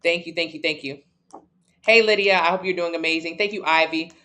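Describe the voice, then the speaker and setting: A woman's voice: lowish voice, fairly quick, bright, forceful tone. A blunt woman coach talking straight to her viewers on a live stream. She leans on repetition to hammer points home, loose and slangy, close to the mic. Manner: blunt, emphatic, repeats key points; casual slang-heavy talk. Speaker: fitness coach.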